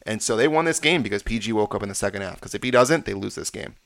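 A man's voice: fairly low pitch, expressive, quick pace, creaky, fairly bright tone, no room sound. A man hosting a sports podcast, confidently breaking down games and stats in casual talk. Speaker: podcast host.

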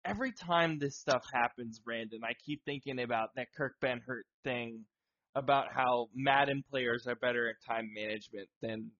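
A man co-hosting a podcast in casual chat, excitable, swearing and laughing a lot. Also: mid-range voice, normal speed. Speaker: podcast co-host. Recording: dull lo-fi sound.

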